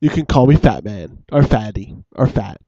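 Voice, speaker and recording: A man's voice: lowish voice, expressive, normal speed, dark tone, no room sound, muffled recording. A man co-hosting a casual webcam chat show, joking and mocking himself, recorded on a cheap desk microphone. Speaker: co-host and editor.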